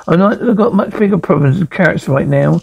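An actor voicing a wisecracking cartoon rabbit on a snowy vacation, tossing off quick jokes and exclamations. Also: male voice, fairly high pitch, vocal fry, breathy edge, muffled recording. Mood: annoyed. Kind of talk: animated cartoon voice acting.

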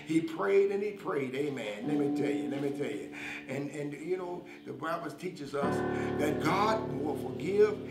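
A man's voice: fairly high pitch, lively intonation, measured pace. A man preaching a sermon with fervent emphasis and repeated call-outs to his listeners. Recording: echoey room with music behind. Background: guitar music.

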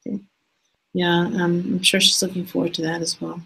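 A woman hosting an online teaching hangout over a video call, speaking in a hesitant, halting way and slowing down to spell out details. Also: lowish voice, flat delivery, gravelly, a bit bright, slightly rough, rough recording. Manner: hesitant, halting speech that slows down to spell things out. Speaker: host of an online teaching session.

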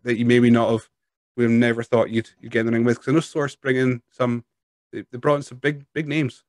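A man's voice: mid-range voice, no echo. A man with a Scottish accent hosting a wrestling podcast, chatting casually, telling stories and laughing often. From Scotland. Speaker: podcast host. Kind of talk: casual interview chat.

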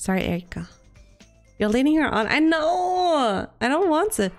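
A woman streaming a game and chatting casually with friends, giggly and playful, often breaking into squeaky silly voices. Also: sing-song, moderate pace, faint music behind. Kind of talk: casual gameplay chat with friends.

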